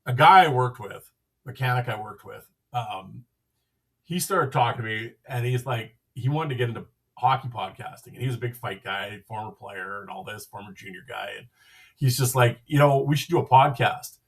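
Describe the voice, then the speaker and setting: Man, podcast host, husky voice, casual rambling storytelling, acts out dialogue, a bit far from the mic. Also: on the low side, normal speed, fairly bright tone.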